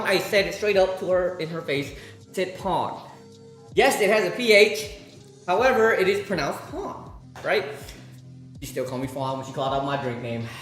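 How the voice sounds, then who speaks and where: A man streaming and chatting casually, rambling, swearing and laughing as he tells stories. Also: high voice. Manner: rambling, profane, laughing storyteller. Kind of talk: casual livestream chat. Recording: roomy room with faint music.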